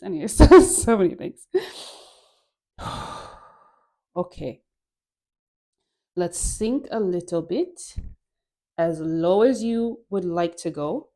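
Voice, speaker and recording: A woman guiding a dance class, coaxing and playful, with breathy sighs and frequent laughs between cues. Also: fairly low pitch, warm tone. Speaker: dance instructor.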